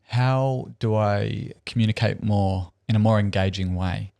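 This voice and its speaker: A man's voice: lowish voice, little pitch movement, a little slow, vocal fry, warm tone. A man hosting a podcast interview, asking loose, rambling questions with restarts. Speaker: podcast host.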